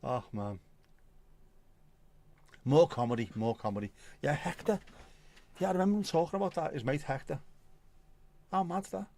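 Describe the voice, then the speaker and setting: A man's voice: on the high side, animated, moderate pace, pauses often, darkish tone. A middle-aged man, hosting a livestream in casual chat, laughing and swearing often as he talks. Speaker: livestream host. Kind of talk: casual chat reading viewer comments.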